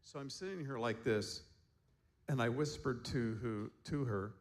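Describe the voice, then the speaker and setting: A man giving a seminar talk as a counselor, telling stories in a relaxed way and chuckling often. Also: medium pitch, a little slow. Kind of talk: storytelling talk to a seminar group.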